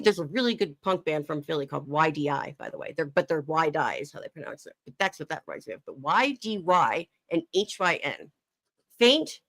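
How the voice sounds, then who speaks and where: A woman's voice: fairly low pitch, fairly bright tone, no room sound. A woman co-hosting a game stream, chatting playfully and giggling as she sounds out words. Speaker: stream co-host. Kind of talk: casual chat while streaming a game.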